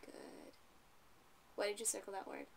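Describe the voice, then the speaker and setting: Tutor type, young adult woman, patient questioning delivery, slight fry, faint hiss behind. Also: medium pitch, wildly swooping pitch, normal speed. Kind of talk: one-on-one reading lesson.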